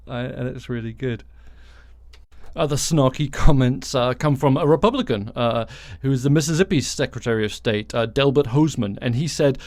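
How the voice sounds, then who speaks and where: A man's voice: mid-range voice, normal speed, darkish tone, dry recording. A man hosting a solo podcast, delivering a blunt, sarcastic commentary monologue and swearing freely. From outside the United States. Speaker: podcast host.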